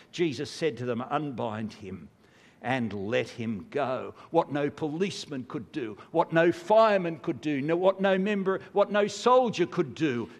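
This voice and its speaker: High-voiced preacher in a reverberant hall. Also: male voice. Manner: dramatic, acts out quotes with big pitch swings. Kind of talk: sermon.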